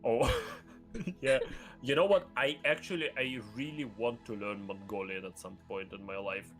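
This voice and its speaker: A man at a medium pitch chatting casually as a guest, excitable and rambling with many fillers. He breaks into loud laughter, and faint music plays underneath. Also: moderate pace. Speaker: guest streamer. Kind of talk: casual chat.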